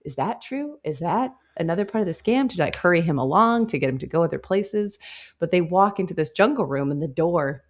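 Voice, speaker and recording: A woman in a casual book club discussion who breaks into quick character voices as she retells scenes. Her pitch rises and falls a great deal. She sounds relaxed and talkative. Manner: expressive, quotes characters in playful voices. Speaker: podcast co-host.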